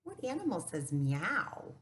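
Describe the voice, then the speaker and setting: A woman reading a children's storybook aloud and stopping to ask the listener questions in an animated way. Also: lowish voice, a little slow. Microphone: camera mic.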